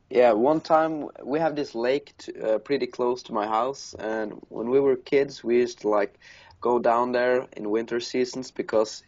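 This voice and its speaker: A man's voice: mid-range voice, unhurried, a little mellow. A man from Norway, casually telling profane, laughing stories as a podcast co-host. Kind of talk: casual chat. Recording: dull lo-fi recording.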